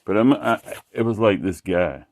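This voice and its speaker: A man with a somewhat low voice rambles through a casual monologue while showing off his artwork. He swears constantly and keeps breaking off and restarting his sentences. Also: lively intonation, a little mellow. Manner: profane, rambling, halting restarts. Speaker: artist showing his work.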